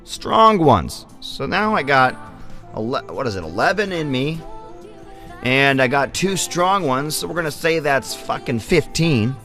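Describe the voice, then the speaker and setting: A man's voice: mid-range voice, animated, a little slow, pushed and bright, soft background music. A man hosting a vlog, telling a long rambling story in casual, profane speech. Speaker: vlog host.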